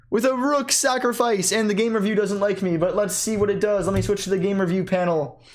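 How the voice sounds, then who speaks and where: Playing at home, someone gives casual commentary on their own chess game. With a medium pitch, they reason out loud, swiftly fix their own slips, and get excited in bursts.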